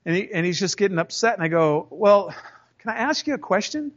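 A man casually telling a story from his working life, acting out both sides of the arguments with lively emphasis. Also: high-pitched, fairly quick. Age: 30s or older. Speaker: storyteller recounting a job. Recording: dull lo-fi recording.

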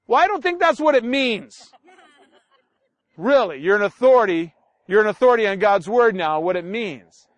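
High-voiced man preaching, dry sound. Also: brisk, no room sound. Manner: animated storytelling, acts out family dialogue. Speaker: pastor. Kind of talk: sermon.

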